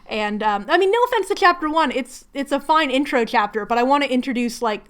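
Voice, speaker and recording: A woman's voice: high-pitched, expressive, fairly quick. A woman chatting casually while doing crafts at home, rambling and laughing often. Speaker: craft vlogger hosting a hangout.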